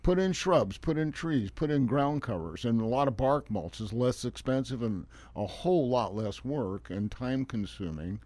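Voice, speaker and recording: A man's voice: mid-range voice, animated, moderate pace, few pauses, darkish tone, no room sound. An older man who installs lawns, chatting on a radio show in a folksy, rambling, emphatic way. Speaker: landscaping guest expert on a radio show. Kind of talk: casual radio chat.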